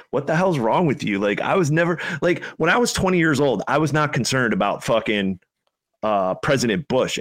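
A man's voice: mid-range voice, a bit bright. A man co-hosting a casual podcast, ranting in a profane, rambling way. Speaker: podcast co-host.

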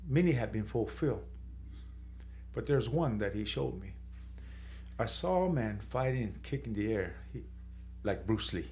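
A man's voice: animated, moderate pace, pauses often, a little mellow, slight background noise. A man from the San Carlos Apache reservation giving a personal testimony as a street evangelist, growing emotional and tearful. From San Carlos Apache reservation, Arizona. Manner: emotional, rising high when moved, tearful.

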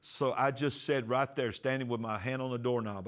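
Pastor guy telling his own story in a sermon, does the voices, gets quiet and soft when praying. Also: mid-range voice, fairly even intonation, brisk. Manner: storytelling, acts out dialogue, drops soft for prayers. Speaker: pastor and TV host. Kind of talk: personal testimony sermon.

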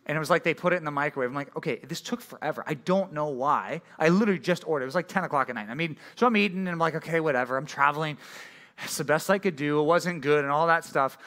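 A young man gives a casual youth sermon in an animated, meandering storytelling style, with plenty of ums and restarts. His voice is bright and sits a little high for a man. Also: fast talker. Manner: rambling, animated storytelling with many fillers. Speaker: youth pastor.

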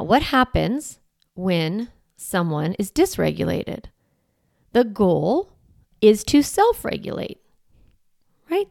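Gravelly-voiced woman coaching parents. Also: mid-range voice, no room sound, studio quality. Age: 40s. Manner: conversational and lively, with playful asides. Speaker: parenting coach and podcast host. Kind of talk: solo podcast monologue.

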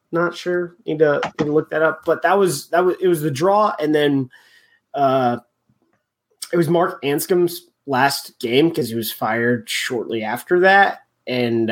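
A man hosting a casual sports chat, talking in halting bursts with many restarts and fillers. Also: a little high.

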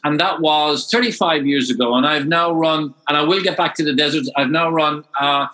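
Interviewed about his life, this Irishman in his sixties speaks with an Irish accent, becoming animated and repeating words once he warms up. He talks at a moderate pace in a slightly high voice, over poor audio.

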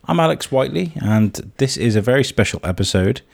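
A man hosting a podcast, husky and a bit hoarse from a cold, introducing the episode in a chatty, rambling way. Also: mid-range voice, expressive, a little fast, no echo. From England. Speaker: podcast host.

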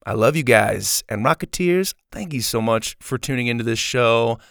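A man hosting and narrating a children's story podcast in an upbeat, expressive way. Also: mid-range voice, normal speed, gravelly, clear, resonant tone, no room sound, clean studio sound. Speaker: host and narrator.

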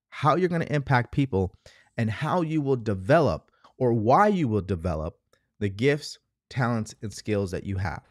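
A man's voice: mid-range voice, a little mellow, no echo, clean studio sound. A man giving an emphatic motivational talk, full of rhetorical questions and repeated phrases. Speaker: motivational speaker. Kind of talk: motivational monologue.

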